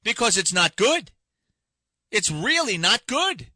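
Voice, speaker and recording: A man's voice: high-pitched, very animated, takes it slowly, sharp tone, no echo. A man hosting a talk radio show, delivering an impassioned, indignant monologue full of rhetorical questions from a radio studio. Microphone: studio microphone.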